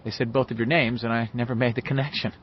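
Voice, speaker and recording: A man voicing a wisecracking middle-aged radio DJ who talks fast and jokes, in a dull lo-fi audiobook recording. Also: medium pitch, a little hiss or hum, lightly acted. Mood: joking. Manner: quick, jokey, animated.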